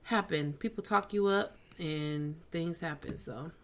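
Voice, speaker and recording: A woman's voice: low-pitched, a little slow, slight background noise. A woman comedian and podcast host telling a story in casual chat, acting out the dialogue she quotes.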